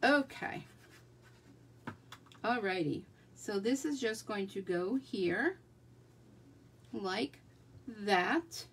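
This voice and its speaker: A woman's voice: medium pitch, lively intonation, drawn-out words, pauses often, slight background noise. A woman chatting her way through a live card-making demonstration, talking to herself as she works. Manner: chatty, talks to herself while working.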